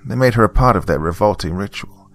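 Man reading bitter secretive estranged mother, raspy, scornful, urgent, deep, rough-edged, swinging pitch. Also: expressive, moderate pace, a bit bright, heavily acted.

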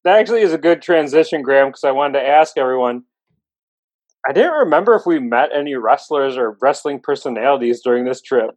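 A man's voice: mid-range voice, brisk, dry recording. A man co-hosting a casual podcast chat, telling stories with jokes and quoted voices. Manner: joking, animated storytelling. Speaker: podcast co-host. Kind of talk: casual chat among friends.

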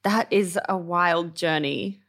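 A woman's voice: on the low side, takes it slowly, fairly bright tone. A woman interviewer asking casual, loosely phrased questions full of fillers.

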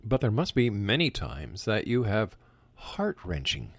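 A man hosting a long-running radio talk show, asking slow, halting questions. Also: on the low side, wildly swooping pitch, no echo.

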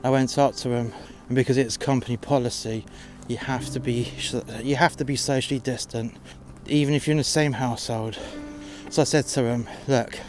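A man's voice: medium pitch, steady tone, fairly quick, over music. Sweary man venting a work story. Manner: blunt, sweary, exasperated retelling. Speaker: podcast host telling work stories. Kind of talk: casual storytelling monologue.

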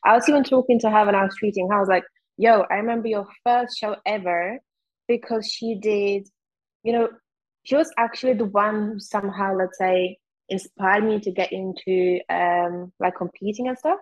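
A woman's voice: medium pitch, fairly even intonation, low-quality recording. Woman with a Czech accent, candid. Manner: candid, fast, heavy use of "like". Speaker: guest. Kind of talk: casual interview chat.

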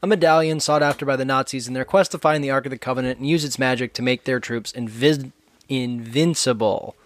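A man's voice: medium pitch, fairly even intonation, quick pace, dry recording. A young man co-hosting a podcast, joking wryly and summarizing a film in casual chat. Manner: wry, joking. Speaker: podcast co-host.

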